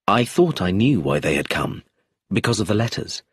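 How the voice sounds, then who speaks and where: Man, audiobook narrator, husky, animated pitch, dry close recording. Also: normal speed, dry recording. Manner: expressive first-person storytelling.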